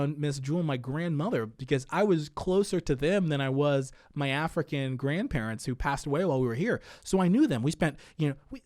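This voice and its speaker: A man in his thirties, a podcast guest, talking in a hesitant, halting way with many restarts. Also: fairly high pitch, darkish tone, dry recording, studio quality. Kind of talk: casual conversation.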